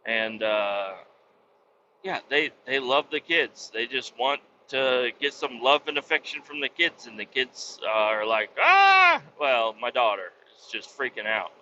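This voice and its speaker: A man's voice: mid-range voice, unhurried, bright, forceful tone, highs cut off, a little hiss or hum. A man telling stories in a casual, profane, rambling monologue as the host, talking from his truck. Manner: profane, blunt storytelling. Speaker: podcast host.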